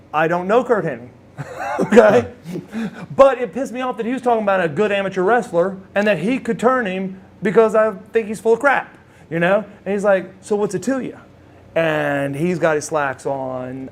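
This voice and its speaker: A man from Oklahoma telling a casual story as a guest, animated and acting out what others said. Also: on the high side. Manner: animated storyteller who acts out the voices of others. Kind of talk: casual anecdote.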